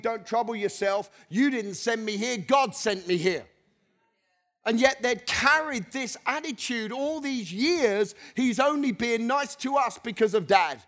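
A middle-aged male pastor preaching a sermon, reading scripture with conversational asides and leading the congregation in call-and-response. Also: high voice. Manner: animated, leads the congregation in repeated call-and-response; chuckles between points, conversational asides.

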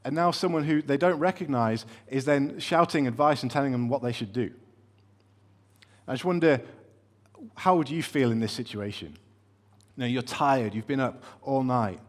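A man preaching a sermon in a conversational, storytelling way, with light humor and frequent fillers and restarts. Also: medium pitch.

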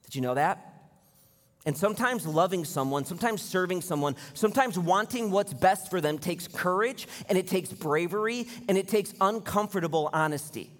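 A pastor in his thirties preaches a sermon in a high, expressive voice at a moderate pace, recorded with long hall reverb. He's direct and conversational, putting questions to the congregation.

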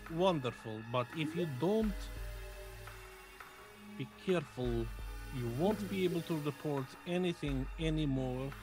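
A man's voice: fairly high pitch, unhurried, pauses often, lightly acted. Man voicing an earnest straight-man guard, mid voice, music behind. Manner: earnest, insistent.

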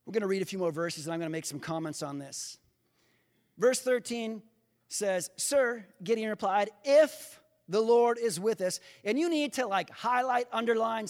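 A male pastor preaching a sermon, speaking directly to his congregation and building to impassioned, near-shouted emphasis. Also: high voice. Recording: long hall reverb.

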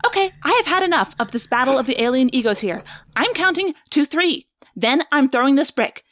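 A woman's voice: high voice, normal speed, a bit bright, dry recording, clean studio sound, pitched above the performer's own voice. A woman voicing a tough, impatient teenage girl, reading a book aloud. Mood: exasperated. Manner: blunt, impatient.

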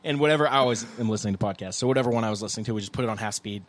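A young man co-hosting a casual podcast, rambling in a laid-back way and breaking into loud goofy impressions. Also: on the low side, very fast, no room sound. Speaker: podcast co-host, guitarist. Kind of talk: casual chat.

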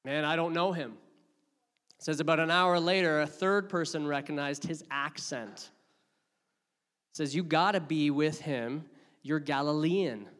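A man delivers a sermon in a fairly high voice. He tells the story dramatically, rising to loud outbursts and dropping to hushed asides. His voice rings with long reverb, as in a large hall. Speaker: pastor.

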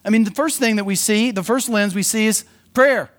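Male pastor, high-pitched, casual and energetic preaching style. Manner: energetic, conversational preaching with quick acted asides. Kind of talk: sermon.

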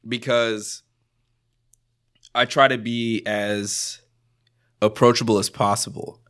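A young man from Jamaica, a student guest in a casual podcast chat, talking in an animated, slangy way and laughing often. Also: on the low side, slow, clean tone.

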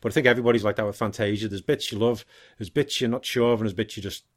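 A man co-hosting a casual film podcast, relaxed and rambling, thinking aloud with fillers. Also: on the low side, racing, no echo, clean studio sound. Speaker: podcast co-host.

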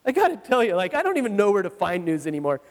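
Male pastor, high pitched, chatty and animated delivery, long hall reverb. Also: rapid-fire. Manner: animated, conversational, laughs at himself. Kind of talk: sermon with personal storytelling.

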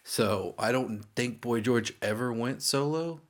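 A man co-hosting a podcast with his brother, telling chatty stories with quick asides. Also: mid-range voice. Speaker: podcast co-host. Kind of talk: casual chat.

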